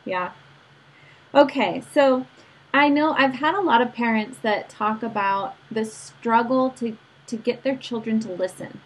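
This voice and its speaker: A woman, a mother hosting a podcast, conducts a casual interview in a fairly high, unhurried voice. She's warmly affirming and conversational and asks long questions, though the audio is poor.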